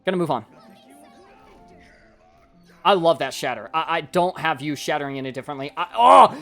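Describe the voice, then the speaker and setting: A somewhat high-voiced man coaches a player through recorded gameplay, talking things through out loud in a rambling, excitable way. Faint music plays underneath his voice. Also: brisk. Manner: excitable, rambling, thinks aloud. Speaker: game coach reviewing gameplay. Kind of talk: casual live-stream coaching commentary.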